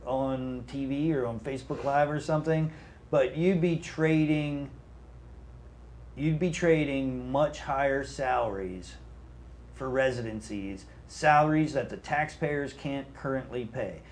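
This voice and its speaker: A man's voice: mid-range voice, darkish tone, a little hiss or hum. A man serving as a city mayor, earnestly explaining policy at length in a town hall discussion, restarting his sentences often.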